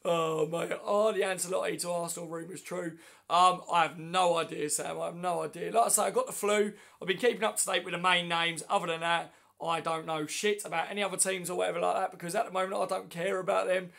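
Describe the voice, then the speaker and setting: A man with a hoarse, flu-worn voice hosting a casual fan livestream on his phone, chatting matily and answering viewer comments one by one. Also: sits high, steady tone, quick pace, pushed and bright. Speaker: livestream host.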